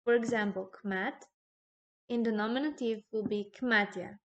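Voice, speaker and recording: A woman with a fairly high voice walks through a grammar lesson at an unhurried pace. She explains each rule step by step, stops to ask "okay?", and fills her pauses with a soft "um". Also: steady tone, highs cut off. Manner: slow and explanatory, with frequent "um" and "okay?" checks. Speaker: language teacher.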